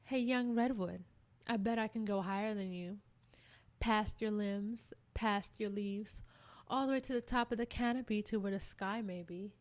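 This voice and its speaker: A woman's voice: mid-range voice, fairly even intonation, moderate pace, lightly acted. A woman voicing a cocky male balloon that boasts and brags. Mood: boastful.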